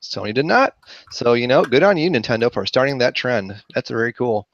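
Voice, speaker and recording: A man's voice: medium pitch, expressive, a little fast, a little hiss or hum. Hesitant man with muffled podcast sound. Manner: hesitant, many fillers, trails off. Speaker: podcast co-host. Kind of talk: casual chat. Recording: dull, muffled podcast audio.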